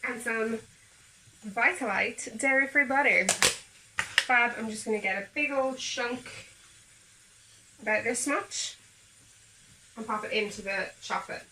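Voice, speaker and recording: Bright-voiced woman vlogging in an echoey kitchen. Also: on the high side, unhurried, long pauses, slight background noise. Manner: chatty, upbeat, talking to viewers while cooking. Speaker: home baking vlogger. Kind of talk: casual cooking demonstration. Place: home kitchen. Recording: echoey kitchen, mic a bit far off.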